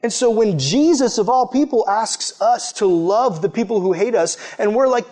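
A man preaching a sermon through a personal story, talking casually with lots of fillers and animated retellings. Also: high voice, normal speed, few pauses.

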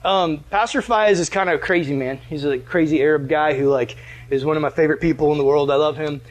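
A man preaching a casual storytelling sermon, chatty and animated, full of "like" fillers. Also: on the high side, fairly quick. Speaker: pastor.

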